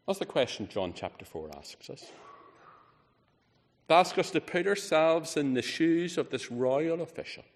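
A man preaching a sermon, emphatic, rising on key words and falling low and quiet at the ends of phrases. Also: lively intonation, unhurried. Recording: reverberant hall.

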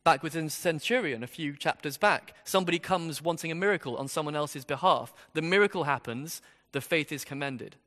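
A man preaches through a passage in an easy, conversational sermon, tossing out rhetorical questions as he goes. His voice is bright and forceful and sits a little high. A long reverb trails behind him. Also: brisk, few pauses.

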